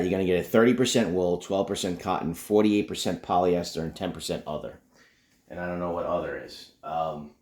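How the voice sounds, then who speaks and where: Deep-voiced man with a casual unboxing chat. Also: echoey room. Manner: laid-back, swears freely, lots of "you know". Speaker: video host.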